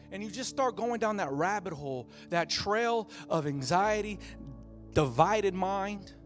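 A man, a pastor with a young child, preaching a sermon with a passionate, repetitive cadence that builds phrase by phrase. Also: high voice.

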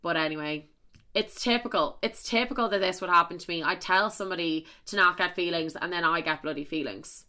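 A woman's voice: fairly low pitch, a little fast, sharp tone. A young Irish woman telling a story in a casual chat to camera, swearing freely and filling her talk with "like". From Ireland. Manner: chatty, swears a lot, full of "like" fillers.

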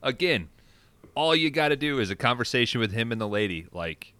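A man's voice: mid-range voice, sing-song, a little fast, bright, forceful tone, clear, resonant tone, dry recording. A man co-hosting a casual podcast, making wry, sarcastic asides about a movie. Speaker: podcast co-host. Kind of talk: casual movie recap chat.

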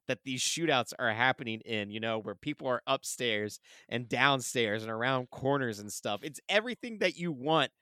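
A man's voice: medium pitch, expressive, moderate pace, few pauses, pushed and bright, clean tone, no echo, studio quality. A man co-hosting a casual movie podcast, talking enthusiastically and laughing often. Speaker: podcast co-host.

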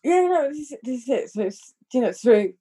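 Spanish woman, Scottish-tinged accent, podcast guest, soft husky mellow voice, laughs a lot. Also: high-pitched, very animated, normal speed. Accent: Spanish with a Scottish lilt. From Spain. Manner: laughs often, rambling with restarts. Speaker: podcast guest, focus puller. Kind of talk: casual interview chat.

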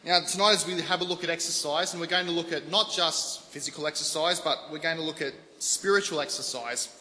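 Bright-voiced man preaching in a hall. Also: on the high side, fairly quick. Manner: lively and conversational, addressing a congregation. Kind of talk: sermon. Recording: long hall reverb, faint background noise.

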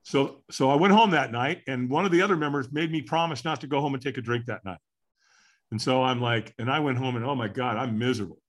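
An older man from California, interviewed as a guest, earnestly and candidly describes his personal story and voices his past thoughts. He speaks a little fast at medium pitch.

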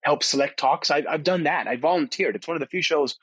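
This podcast host rambles excitedly from a tech conference overseas, restarting sentences and leaning on fillers. His voice is on the high side and brisk with a fairly bright tone; the sound is slightly rough with no echo.

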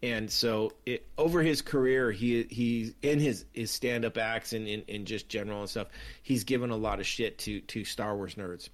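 A man's voice: on the low side, fairly even intonation, moderate pace. A man co-hosting a casual chat about a TV series, telling stories animatedly with many restarts. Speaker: podcast co-host.

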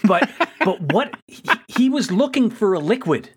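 A man's voice: high voice, animated, normal speed, breathy edge. A man co-hosting a show recap, talking casually and ranting in exasperation with frequent laughs. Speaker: podcast co-host.

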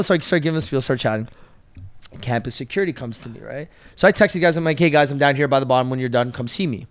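A young man, a podcast co-host, telling a story in casual chat, swearing often. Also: medium pitch. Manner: animated, swearing, fast storytelling.

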